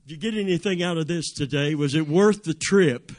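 Emphatic male preacher with a high voice. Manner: preaching with rising emphatic calls and drawn-out phrases. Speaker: pastor. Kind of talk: sermon. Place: church sanctuary.

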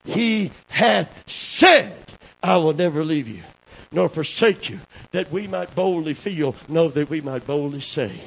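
A man preaching a sermon, dropping low for asides and rising to loud shouts while calling for amens. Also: animated, unhurried, gravelly, slightly rough, poor audio. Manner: calls for amens from the congregation. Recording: faint hiss.

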